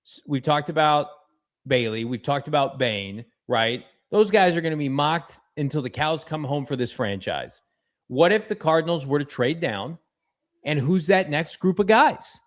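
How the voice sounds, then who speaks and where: A man with a slightly higher voice hosts a casual sports podcast. He talks with energy, reading fan messages aloud and teasing his co-host. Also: expressive, normal speed.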